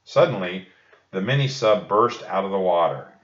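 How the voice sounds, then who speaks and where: A man gently reading a children's book aloud, reassuring young listeners. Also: deep voice, animated, moderate pace. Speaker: storybook reader. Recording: dull echoey room recording.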